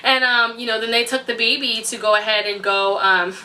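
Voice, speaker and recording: A young woman tells a story to her camera, lively and animated, slipping into the voices of others. Her voice is bright and a little high. She sits a little away from the mic. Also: fairly quick, recorded from a distance, a little hiss or hum. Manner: animated, acts out quotes with big pitch swings, laughs often. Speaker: vlogger.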